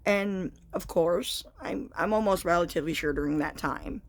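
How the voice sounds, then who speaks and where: Frank woman telling a personal story. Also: lowish voice. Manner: frank, confessional, halting with fillers. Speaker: vlogger.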